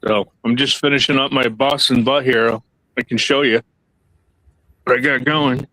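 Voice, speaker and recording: A man's voice: mid-range voice, fairly even intonation, normal speed, pushed and bright, no room sound, rough recording. Easygoing man talking outdoors on a call. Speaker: guest on a live stream. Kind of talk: casual chat. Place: outdoors beside a smoker.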